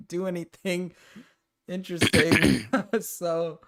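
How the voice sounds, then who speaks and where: A man's voice: sits high, fairly even intonation, slow pace, creaky, crowd noise. Crude, laughing male streamer. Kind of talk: casual livestream reaction chat.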